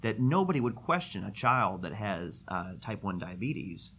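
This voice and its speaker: A man speaking conversationally in a question-and-answer session, pausing with "uh" as he thinks. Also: lowish voice, sing-song, fairly bright tone, slightly rough. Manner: conversational, with frequent "uh" pauses. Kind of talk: casual Q&A talk.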